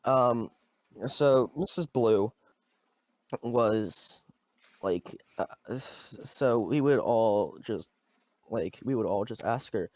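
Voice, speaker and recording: Young male co-host, relaxed storyteller, dry close mic. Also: lowish voice, takes it slowly, long pauses, dry recording. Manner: laughing, storytelling, swears casually. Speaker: podcast co-host. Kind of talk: casual chat.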